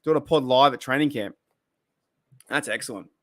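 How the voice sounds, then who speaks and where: Man, bright voice, casual live-stream host, chatty, repeats himself. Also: medium pitch, a little fast. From Australia. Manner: chatty, exclaims and laughs at comments, repeats himself. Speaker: podcast host reading live chat.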